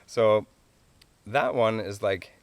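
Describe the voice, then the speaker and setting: A man with a fairly low voice walks listeners through a hands-on calling tutorial. His explanations are relaxed and homespun, and small chuckles break in often. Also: slow pace, no room sound. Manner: easygoing, chuckles often, plain folksy explanations. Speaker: wildlife calling instructor.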